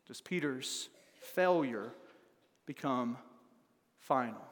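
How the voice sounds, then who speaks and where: Male pastor, high voice, dramatic scripture reading, long hall reverb. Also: measured pace, fairly bright tone. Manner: dramatic reading with shifting emphasis. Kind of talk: sermon.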